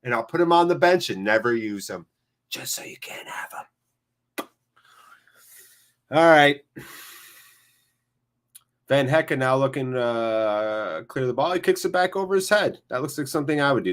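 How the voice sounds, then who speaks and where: A man hosting a live football watchalong, commentating and joking excitably and swearing freely. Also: mid-range voice, moderate pace. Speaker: watchalong host. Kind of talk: live match commentary and chat.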